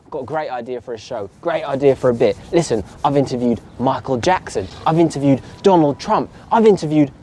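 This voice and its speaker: A man doing a gossipy, motherly female talk show host with a Cockney accent. Low and hushed, coaxing. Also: lively intonation, a little fast, few pauses, slight background noise, lightly acted. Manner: coaxing, chummy.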